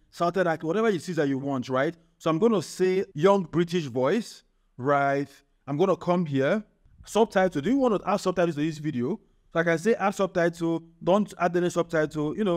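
A man hosting a screen-recorded software tutorial. He keeps checking in with the viewer with a quick "right?". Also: on the high side. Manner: chatty, repeats "right?" to the viewer. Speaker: tech tutorial host.

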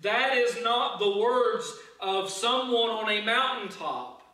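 A man pastor preaching a sermon in a church, earnest and halting, often restarting his phrases. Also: high voice, pushed and bright. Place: church sanctuary. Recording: echoey church hall, mic far off.

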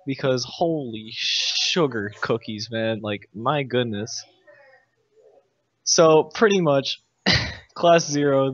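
A man's voice: mid-range voice, dry recording. A young man casually ranting about a game, exasperated and sarcastic, with frequent sighs. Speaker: gamer recounting a game. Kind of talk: casual rant to camera. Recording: dull lo-fi dry recording.

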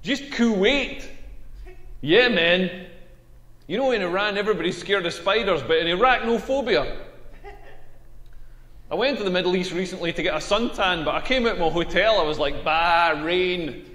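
A man's voice: high-pitched, normal speed, pauses often. A man with a Scottish accent playing a crude stand-up comedian performing his set in a game. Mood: brash. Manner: crude, brash deadpan punchlines. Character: brash crude male stand-up comic. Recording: echoey hall with long reverb.

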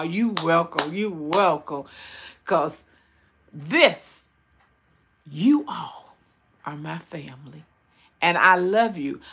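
A woman's voice: on the low side, sharp tone. An older woman from Tennessee with a Southern accent, praying and chatting with viewers on a livestream, repeating words for emphasis. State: recovering from hip surgery. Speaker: YouTube channel host. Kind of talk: livestream prayer and chat with viewers.

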